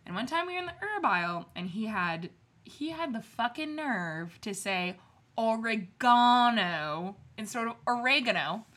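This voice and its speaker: A woman's voice: a little high, sing-song, moderate pace, pushed and bright. A young woman co-hosting a live podcast, chatty and laughing often, swearing freely. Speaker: podcast co-host. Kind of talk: casual live podcast chat.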